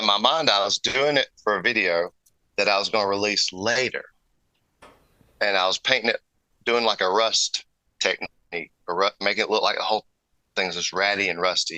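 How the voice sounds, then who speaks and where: Man, low voice, forceful tone, rambling casual storyteller, podcast guest. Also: moderate pace, no room sound, rough recording. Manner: rambling, self-interrupting storyteller. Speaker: podcast guest, airbrush artist.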